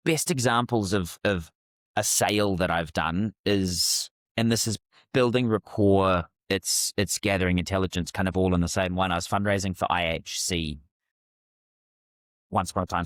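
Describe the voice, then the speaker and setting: A middle-aged man, a communication coach telling sales stories as a podcast guest, animated and often restarting his sentences. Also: sits low, moderate pace, dry recording, studio quality. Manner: animated, restarts phrases mid-thought. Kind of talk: casual interview storytelling.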